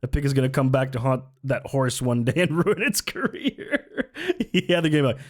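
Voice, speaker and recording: A man's voice: mid-range voice, normal speed, few pauses. Incredulous man streamer reacting. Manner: incredulous, laughing between remarks. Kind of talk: live-stream reaction commentary.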